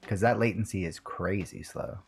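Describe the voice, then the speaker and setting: A man's voice: sits low, moderate pace, slight background noise. Casual young man streaming, swearing. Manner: chatty, swears casually, fiddles with audio settings. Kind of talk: casual live-stream chat.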